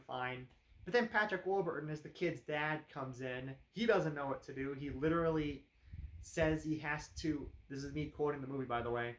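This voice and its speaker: A man talks through a movie review in a loose, rambling way, full of fillers and dry, sarcastic asides. His voice sits a touch higher than most men's. The room around him adds a noticeable echo. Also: fairly bright tone. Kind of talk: casual spoken review. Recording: roomy echo.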